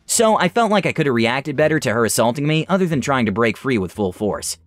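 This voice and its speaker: A young man reading online stories aloud with an animated, expressive delivery. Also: mid-range voice, a little fast, no echo. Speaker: story reader.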